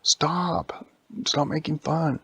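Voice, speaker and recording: A man's voice: on the high side, steady tone, extremely slow, vocal fry, bright, forceful tone, husky, no room sound, pitched above the performer's own voice, exaggerated voice. A man voicing a silly, boastful boy character in a bedtime story.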